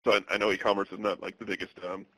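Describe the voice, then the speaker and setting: A man in his thirties from the Boston area presenting a webinar, speaking in a monotone with many fillers and restarts. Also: on the low side, rapid-fire, no room sound, poor audio. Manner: monotone delivery.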